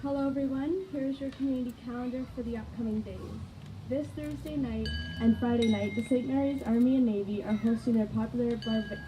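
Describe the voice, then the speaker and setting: A woman's voice: on the high side, fairly even intonation, a little fast, noisy background. A woman reading out community event announcements on an outdoor stage, stumbling now and then. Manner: reads from notes, stumbles and corrects herself. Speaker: community calendar reader.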